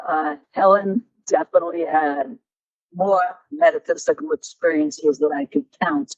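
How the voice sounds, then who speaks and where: Older woman, husky, very animated storyteller, acts out dialogue, lo-fi recording. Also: low voice, a little slow, dry recording. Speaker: guest speaker. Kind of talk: storytelling talk with Q&A. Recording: dull, lo-fi dry recording.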